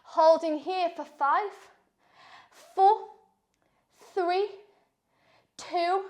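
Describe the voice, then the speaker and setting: High, slow, breathless woman yoga teacher. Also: steady tone, a little mellow. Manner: encouraging cues, slow and breathy while moving. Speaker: yoga instructor. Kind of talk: guided yoga class instruction.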